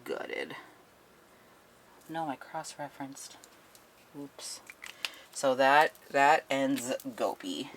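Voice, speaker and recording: A woman's voice: extremely low pitch, lively intonation, extremely slow, pauses often, slight background noise. A woman giving a casual spoken book review, retelling the plot bluntly and swearing often.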